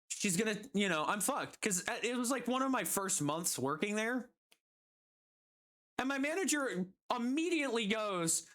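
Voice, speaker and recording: A woman's voice: on the high side, very animated, normal speed, fairly bright tone. A woman streamer telling a story casually while gaming, exasperated and swearing constantly.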